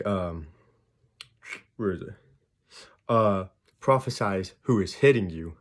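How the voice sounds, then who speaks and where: A man casually retelling and explaining a Bible chapter, acting out the people in the stories with quick voices. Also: fairly low pitch. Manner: chatty, retells scenes with quick acted voices. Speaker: Bible video host.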